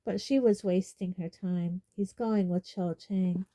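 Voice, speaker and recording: A woman voicing an awkward, shy teenage boy who speaks haltingly and dully. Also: fairly low pitch, close to an everyday voice. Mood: dull. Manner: halting, dull and flat when let down.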